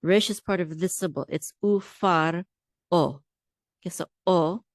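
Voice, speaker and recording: A woman's voice: on the low side, no room sound. Patient woman teaching pronunciation, dry sound. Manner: patient, repeats words slowly for practice. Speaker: Hebrew teacher.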